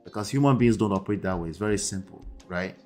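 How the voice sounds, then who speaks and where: Over soft background music, a relationship coach and host reacts to a debate clip. His fairly low, darkish voice moves fast and emphatically, and he keeps checking in with "okay?" and "right?"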